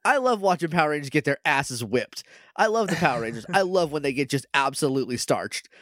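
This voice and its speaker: A man's voice: fairly high pitch, fairly quick, no room sound, clean studio sound. A young man co-hosting a podcast, chatting casually as he recaps an episode, acting out quotes and laughing often. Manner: animated, acts out quotes with laughter. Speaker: podcast co-host.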